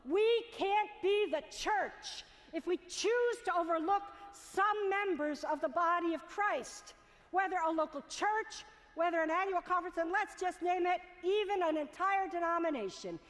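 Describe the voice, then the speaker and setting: A woman's voice: very high-pitched, unhurried. A woman preacher delivering a sermon in a rhythmic, repetitive cadence. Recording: long reverb of a large hall.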